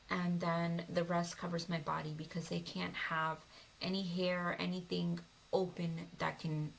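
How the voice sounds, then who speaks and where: A woman's voice: lowish voice, creaky, a little hiss or hum, rough recording. A young woman telling a personal story in a vlog, emotional and often dropping to a whisper. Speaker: vlogger.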